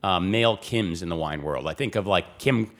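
A man hosting a podcast, chatting casually and teasing his guest with quick interjections. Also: low voice, a bit bright. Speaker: podcast host.

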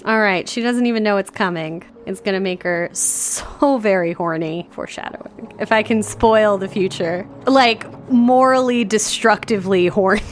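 A woman's voice: mid-range voice, normal speed, few pauses, a little hiss or hum. A woman reading a classic novel aloud on a podcast, breaking off for jokey, self-mocking asides. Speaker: podcast co-host.

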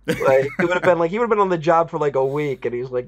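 A man co-hosting a casual film review podcast, animated and profane, slipping into mocking voices of characters. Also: mid-range voice, fairly quick.

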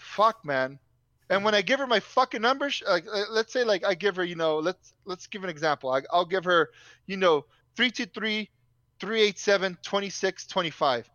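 Man ranting, high lively voice, dry dull lo-fi sound, swearing a lot. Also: moderate pace, no room sound. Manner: profane, animated, ranting. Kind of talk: casual storytelling.

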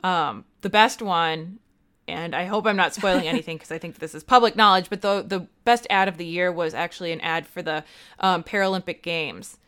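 A young woman co-hosting a podcast, talking in a chatty, animated, self-deprecating way. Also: on the low side, moderate pace, clear, resonant tone. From United States. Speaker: podcast co-host. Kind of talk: casual chat.

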